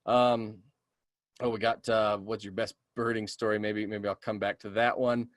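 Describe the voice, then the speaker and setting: Guy doing a birding webinar on a computer mic, chatty and excited, lots of ums, voice a little tired, dry close sound. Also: on the low side, normal speed, no echo. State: voice getting tired. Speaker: community naturalist teaching a webinar. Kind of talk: casual webinar teaching with audience Q&A.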